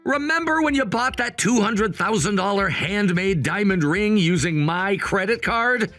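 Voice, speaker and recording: Cold grown son in a story drama, firm and matter-of-fact, high bright voice with lively pitch, a man acting it. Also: a little slow, soft background music.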